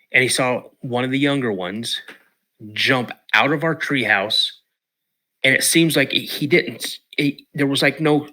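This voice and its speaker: A man from Washington State, a podcast guest telling an animated story and acting out the other people's lines. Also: mid-range voice. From Washington State, USA. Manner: lively storyteller who acts out the voices of others.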